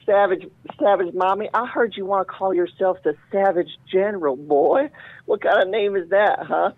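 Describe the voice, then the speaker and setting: A man's voice: sits high, moderate pace, dry recording, pitched above the performer's own voice. A man voicing a brash, taunting villainous cowboy who mocks everyone and calls them boy. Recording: tinny phone-like line.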